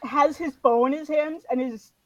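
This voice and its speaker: A woman's voice: high voice, fairly even intonation, moderate pace, no echo, muffled recording. A woman playing in a tabletop game, chatting playfully. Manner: playful, giggly chat. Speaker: player. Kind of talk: casual tabletop play.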